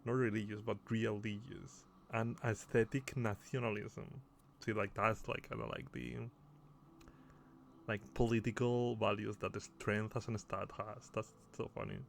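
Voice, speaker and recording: A man's voice: on the low side, fairly even intonation, moderate pace, vocal fry, slight background noise. A man giving casual commentary while playing a game, reading the on-screen text aloud and chuckling often. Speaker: gamer playing on video.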